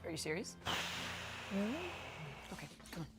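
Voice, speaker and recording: A woman's voice: lowish voice, normal speed, music in the background. A woman in a comedy sketch, coaxing and exasperated.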